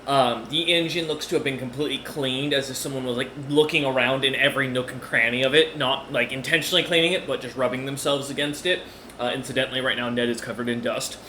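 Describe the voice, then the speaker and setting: A man's voice: medium pitch, fairly even intonation, fast, sharp tone, reverberant, a little hiss or hum. A man narrating as game master of a tabletop game, rambling with many fillers and restarts.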